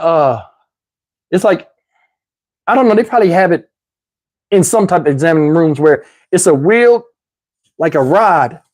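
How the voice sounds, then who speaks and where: Man, husky voice, casual comedic storytelling, slangy and animated. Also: high-pitched. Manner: animated, slangy, swears freely.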